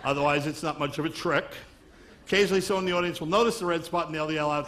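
A man's voice: fairly high pitch, very fast, a bit bright, a little hiss or hum. A man from Long Island doing a stand-up comedy magic act, wisecracking patter on stage before a live audience. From Long Island, New York.

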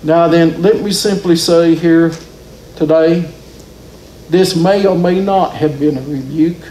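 A man's voice: on the high side, fairly even intonation, takes it slowly, warm tone, slight background noise. A man preaching a sermon in a church, telling the story with rising and falling emphasis. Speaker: pastor. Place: church sanctuary. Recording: roomy church echo.

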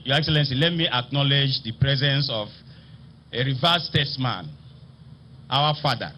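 A man with a Nigerian accent, a state assembly speaker, delivering a formal ceremonial speech in a slow, emphatic, oratorical manner. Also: medium pitch, slight background noise. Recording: slightly dull broadcast audio with faint ambience.

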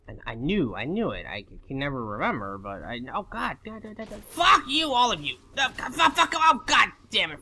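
A man talking over his own gameplay, cursing nonstop and yelling at the enemies on screen. His bright, edgy voice swings wildly up and down between muttered asides and sudden outbursts. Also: mid-range voice. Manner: swears constantly, yelling at the game in frustration; laughs and shouts in sudden outbursts. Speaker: let's play commentator. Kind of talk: casual gameplay commentary.

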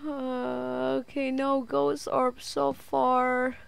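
A woman's voice: high voice, monotone, extremely slow, vocal fry, a little hiss or hum. A woman streaming a horror game, talking to a teammate with nervous laughter and frightened cries. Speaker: gaming streamer. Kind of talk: live game commentary.

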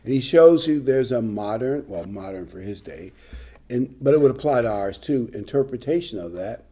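A man's voice: medium pitch, expressive, moderate pace, dark tone. An older man preaching a sermon, reading scripture and adding conversational, humorous asides. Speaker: pastor.

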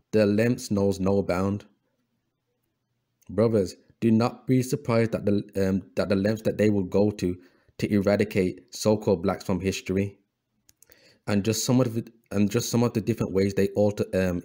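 A man narrates images for a history video he hosts, his lowish voice dark in tone, fairly even in intonation, and at a normal speed. Preachy in manner, he calls the audience brothers, repeats words, and often stumbles into fillers and restarts.

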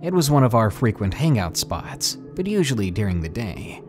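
A man reading a scary true story aloud in slow, hushed, dramatic narration, with faint music behind him. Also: lowish voice, big pitch swings. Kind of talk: scripted horror story narration. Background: faint background music.

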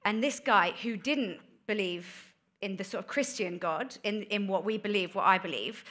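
A woman giving a candid sermon about her life, told as a chatty story with quick asides. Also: mid-range voice, fairly bright tone. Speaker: guest speaker. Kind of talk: testimony sermon.

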